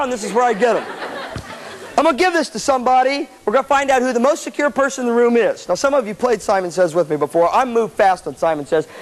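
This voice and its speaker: High-voiced, animated male seminar speaker. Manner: animated, playful, acts out scenes. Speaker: motivational speaker for band students. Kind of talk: lively motivational seminar talk. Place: hall with a live student audience. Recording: noisy live tape with audience laughter. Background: audience laughter and chatter.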